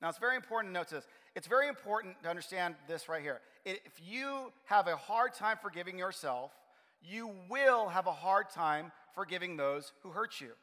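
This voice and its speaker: A man preaching a sermon as pastor of his church, telling stories in an animated way. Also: high-pitched, moderate pace. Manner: animated storytelling, acts out his own frustration. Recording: long hall reverb.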